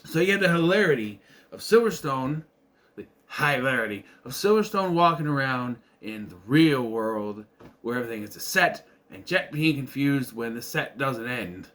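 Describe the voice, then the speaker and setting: A man's voice: medium pitch, lively intonation, normal speed, fairly bright tone. A man from southern Minnesota giving a casual, rambling review of a movie, full of restarts and the occasional curse. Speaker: video reviewer.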